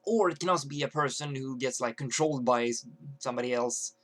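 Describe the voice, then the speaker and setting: A man's voice: medium pitch, fast talker, fairly bright tone. A young man ranting to camera as a vlogger, rambling with many fillers and restarts.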